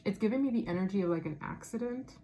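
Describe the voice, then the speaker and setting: A woman giving a casual tarot reading to her viewers, thinking out loud and laughing often. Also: medium pitch, animated, fast talker, a little hiss or hum. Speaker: tarot reader.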